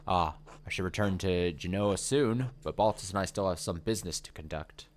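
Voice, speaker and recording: A man's voice: sits low, a little hiss or hum, close to an everyday voice. A man reading a courteous Italian merchant. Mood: polite. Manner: courteous, measured game-dialogue reading. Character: male Italian merchant guest, polite and courteous.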